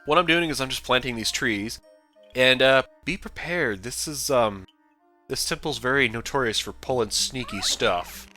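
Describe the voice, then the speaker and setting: Let's play host: man, chatty and rambling, bright tone. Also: medium pitch, moderate pace, soft background music. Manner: chatty, rambling, animated outbursts and put-on character voices. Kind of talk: casual gameplay commentary.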